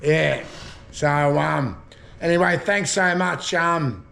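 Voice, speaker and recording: Gravelly Australian bloke, rambling chat. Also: male voice, fairly high pitch, slow pace, fairly bright tone, a little hiss or hum. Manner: rambling, swears casually, laughs at own jokes. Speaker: vlogger. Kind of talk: casual chat explaining slang.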